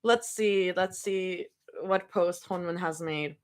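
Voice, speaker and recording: A woman's voice: lowish voice, slow pace. A young woman streaming from home, chatting casually and rambling between snacks during a live reading. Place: home room.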